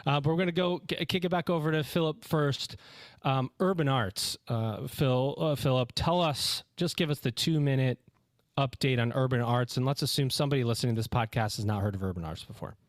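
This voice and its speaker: A man hosting a podcast interview, energetic and a little out of breath, quick with asides and fillers. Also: mid-range voice, no room sound. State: slightly out of breath. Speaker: podcast host.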